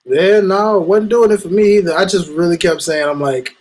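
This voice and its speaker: A man guests on a casual wrestling review chat, laid-back and often chuckling. He chimes in with quick words of agreement. His voice sits a bit higher than most men's. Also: darkish tone, rough recording. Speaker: guest co-host.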